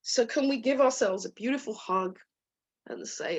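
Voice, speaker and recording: A woman coach talking gently and soothingly to an online group, voicing soft inner dialogue. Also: fairly high pitch, normal speed, highs cut off. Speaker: guest coach. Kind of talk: talk to a live online group.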